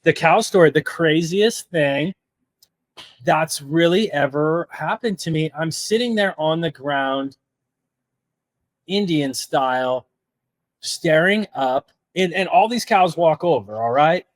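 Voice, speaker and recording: A man's voice: a little high, lively intonation, slow, no room sound. Earnest man telling his story, dry close sound. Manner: earnest, heavy use of "like" fillers. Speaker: podcast guest. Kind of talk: recounting a personal story.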